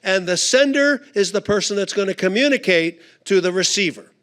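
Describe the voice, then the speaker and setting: Speaking briskly in a high voice, a middle-aged man tells a funny story at a conference. He's an animated storyteller who performs the different voices in the tale.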